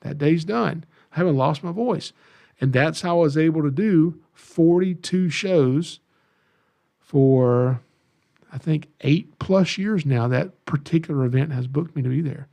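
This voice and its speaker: A middle-aged Southern man from Georgia, USA, hosts a podcast in a casual monologue full of folksy, self-deprecating stories. His fairly high voice is warm and unhurried with some vocal fry, and he is also a snake educator.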